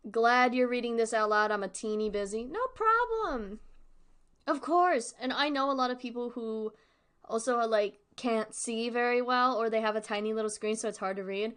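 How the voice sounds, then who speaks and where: A woman with a fairly high voice chats through a live reaction stream, rambling and digressive. She laughs often as she goes. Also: fairly even intonation, brisk, fairly bright tone, clean tone. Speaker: streamer reacting to a horror series. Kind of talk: casual live-stream commentary.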